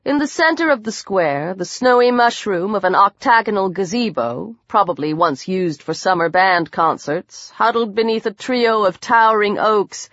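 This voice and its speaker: A woman's voice: medium pitch, lively intonation, normal speed, few pauses, fairly bright tone, no room sound, lo-fi sound. A woman reading a dramatic horror novel aloud as audiobook narrator.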